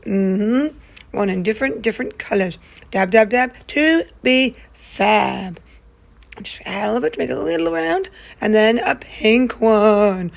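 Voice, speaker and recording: A woman chatting upbeat through a nail art tutorial voice-over, playful and relaxed. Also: a little high, vocal fry, low-quality recording.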